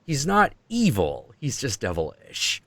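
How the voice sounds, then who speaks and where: A man's voice: mid-range voice, huge pitch swings, unhurried, fairly bright tone, no echo. A man hosting a stream, chatting casually and rambling through ideas, now and then acting out voices in quotes. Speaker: stream host. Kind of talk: casual chat.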